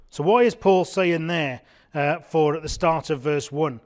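A man with a slightly high voice preaches an evening sermon, earnest and emphatic. He repeats key words and slows down to stress them.

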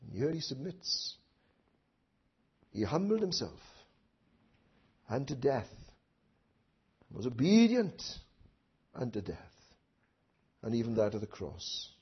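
A man preaching a sermon who swings from hushed asides to loud impassioned outcries, with many rhetorical questions to his listeners. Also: mid-range voice, big pitch swings, slow, pauses often, breathy edge. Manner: tag questions and rhetorical questions to the congregation. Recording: dull lo-fi recording.

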